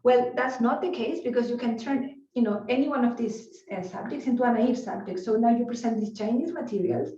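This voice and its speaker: Woman, fairly high voice, conference lecture, chatty with fillers, roomy dull far-off recording. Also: fairly quick, few pauses, mellow. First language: Spanish. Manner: conversational, peppered with "you know" and restarts. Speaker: neuroscience researcher giving a talk.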